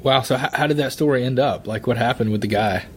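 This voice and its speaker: A man's voice: mid-range voice, fast talker, slight background noise. A man hosting a podcast interview, reacting briefly and asking follow-up questions. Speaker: podcast host.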